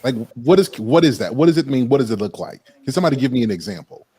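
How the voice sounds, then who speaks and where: A man hosting a casual group discussion, speaking in an animated, preacherly way. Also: mid-range voice, rapid-fire, a little hiss or hum. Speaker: host.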